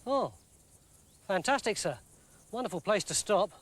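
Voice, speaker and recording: A man's voice: high-pitched, expressive, a little slow, a little hiss or hum. A man voicing a cheeky, nervous male servant soldier who talks sarcastically and wheedles. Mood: sarcastic.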